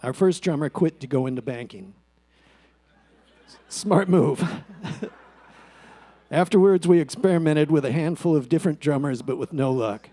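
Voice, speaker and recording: Bandmate at a memorial, warm low tone, steady read, dry close sound. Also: male voice, no room sound. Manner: steady, reflective, dry humor. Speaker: eulogy speaker, former bandmate. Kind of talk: prepared memorial speech.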